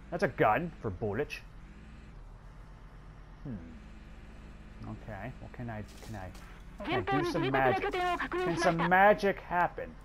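A man commenting on his own strategy game play, exasperated and swearing, talking to the characters on screen. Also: medium pitch. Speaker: gameplay commentator.

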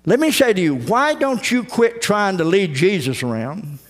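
High-voiced preacher in a reverberant church. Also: male voice, very animated, moderate pace. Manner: folksy preaching, acts out quoted voices. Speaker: pastor. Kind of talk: sermon. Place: church sanctuary.

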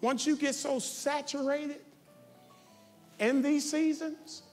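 A man preaching a sermon as pastor, talking straight to his congregation and building to shouted, confrontational calls. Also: very high-pitched, flat delivery, takes it slowly, faint music behind. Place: large church sanctuary. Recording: reverberant church sanctuary.

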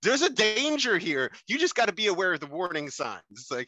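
A man's voice: sits high, huge pitch swings, a little fast, hardly any pauses, bright, forceful tone, no room sound. A man speaking as a podcast guest in a casual interview. He rambles, restarts his sentences and leans heavily on filler words. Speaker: podcast guest, mushroom competition co-founder.

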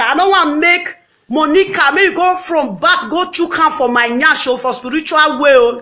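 A Nigerian woman ranting and scolding in a loud, dramatic live video monologue. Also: high-pitched.

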